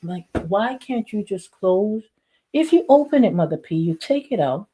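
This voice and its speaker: A woman pastor preaching in a lively, repetitive style, acting out quotes along the way. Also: medium pitch, normal speed, a little hiss or hum. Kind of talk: sermon.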